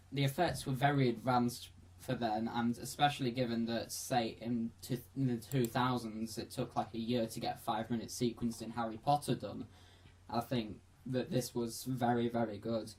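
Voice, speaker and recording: A man's voice: medium pitch, steady tone, normal speed, breathy edge, poor audio. A man co-hosting a podcast, chatting casually about a film and often restarting his phrases. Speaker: podcast co-host. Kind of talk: casual film review chat.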